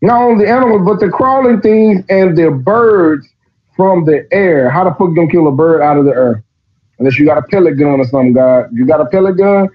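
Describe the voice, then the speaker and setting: A profane, sarcastic man with a somewhat high voice reads a text aloud and mocks it in animated commentary. The recording is dull and lo-fi. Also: a little fast. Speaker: podcast host. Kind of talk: mocking commentary while reading aloud.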